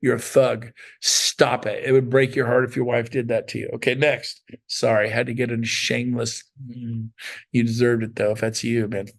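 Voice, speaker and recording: A man giving a lively motivational training talk to an online group, asking the chat questions and acting out quoted voices. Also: medium pitch, normal speed, vocal fry. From Sacramento area, US. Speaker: real estate coach.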